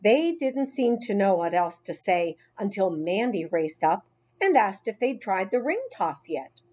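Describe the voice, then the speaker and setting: A woman reading a children's book aloud in an expressive, unhurried way. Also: mid-range voice. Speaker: storyteller.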